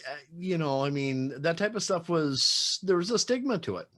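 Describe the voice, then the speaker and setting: A woman's voice: on the low side, animated, moderate pace, a bit bright. A woman hosting an interview, mostly giving short listening responses. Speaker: podcast host. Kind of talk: casual interview.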